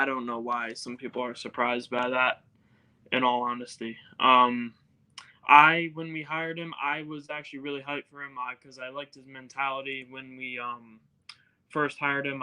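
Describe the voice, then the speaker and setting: Bright-voiced man rambling on a call. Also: medium pitch, clean tone, poor audio. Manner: rambling, hesitant with many fillers. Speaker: caller on a podcast. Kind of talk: casual chat. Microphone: video call.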